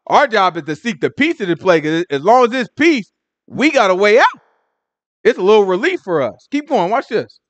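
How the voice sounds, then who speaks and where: Male preacher, AAVE speech, lively casual sermon, higher voice, dry close sound. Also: moderate pace, no room sound, muffled recording. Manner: animated, colloquial, mimics people in different voices. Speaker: Bible teacher.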